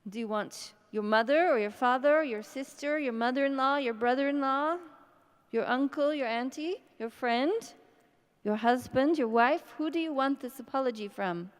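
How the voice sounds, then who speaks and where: A woman leading a guided tapping session, speaking slow scripted affirmations between deep sighs and breaths. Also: smooth. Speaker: EFT tapping practitioner. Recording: long reverb in a hall.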